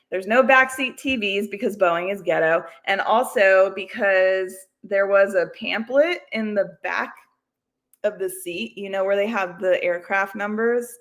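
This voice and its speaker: A woman's voice: medium pitch, fairly bright tone. A woman hosting a casual livestream, rambling and chatty, laughing often and poking fun at herself. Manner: self-deprecating. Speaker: livestream host. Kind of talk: casual chat.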